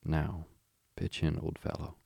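Storybook water rat, male, cheery and chatty, very deep and gravelly, read by a man. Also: level tone, unhurried, dark tone, no room sound, studio quality, heavily acted.

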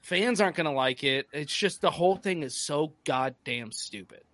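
A man's voice: a little high, expressive, moderate pace, fairly bright tone, no room sound, studio quality. A man co-hosting a podcast, talking in a blunt, ranting, casual way and swearing often. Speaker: podcast co-host. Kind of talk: casual profane chat.

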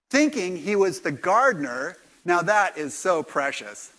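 Guy pastor preaching, chatty storyteller, voice a bit on the high side, goes soft and quiet sometimes. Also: big pitch swings, a little slow. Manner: conversational storytelling, dropping to soft intimate tones. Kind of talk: sermon.

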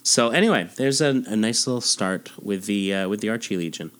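Male podcast host, lowish voice, relaxed and chatty, hesitant fillers. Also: a little fast. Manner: reads comic dialogue aloud in voices, chatty with fillers. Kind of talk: casual comic book discussion.

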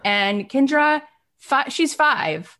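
A woman's voice: high-pitched, takes it slowly. Candid woman podcast host. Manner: emotional, candid storyteller with rising excitement. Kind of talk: casual conversational interview.

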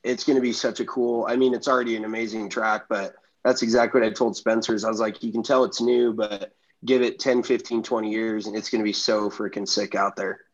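A man's voice: fairly low pitch, level tone, brisk, highs cut off. A man co-hosting a casual podcast, enthusiastic and slangy. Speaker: podcast co-host.

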